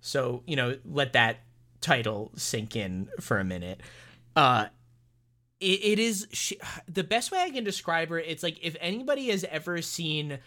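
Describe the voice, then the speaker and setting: A man with a bright, somewhat high voice talks through a horror film's plot in casual podcast chat. He rambles animatedly, stumbling over restarts and fillers as he goes. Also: sing-song, unhurried. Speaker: podcast co-host. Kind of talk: casual film review chat.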